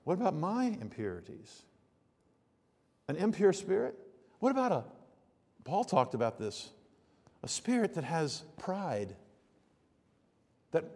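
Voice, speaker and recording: A man's voice: a little high, long reverb tail. A man preaching a sermon in a conversational way, asking many rhetorical questions and building to emphatic bursts. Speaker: pastor.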